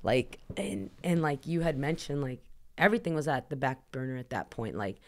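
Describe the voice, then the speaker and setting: Speaking at a normal pace, this low-voiced woman from Southern California sounds expressive and a bit mellow. As a podcast guest, she recounts something personal with earnest emotion, wandering off track and leaning constantly on the filler "like."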